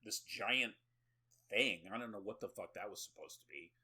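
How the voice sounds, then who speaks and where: Bright-voiced sarcastic podcast host. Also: male voice, fairly low pitch, moderate pace, breathy edge. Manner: sarcastic, swearing, laughing asides. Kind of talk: casual movie recap.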